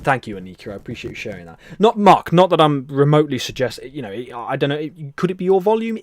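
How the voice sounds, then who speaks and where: Chatty man hosting a soft-spoken stream. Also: on the high side. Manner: chatty and friendly, calls viewers "my friend" and "buddy", laughs often; shifts between soft near-whisper and louder talk. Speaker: live stream host. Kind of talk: casual live-stream chat, reading viewer comments. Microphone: headset mic with headphones.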